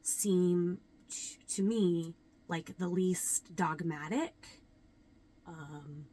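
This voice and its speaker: A young adult woman, a yoga teacher, talking earnestly and reflectively to camera, with many ums and pauses. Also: fairly low pitch, dark tone. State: a little nervous. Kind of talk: casual talk to camera.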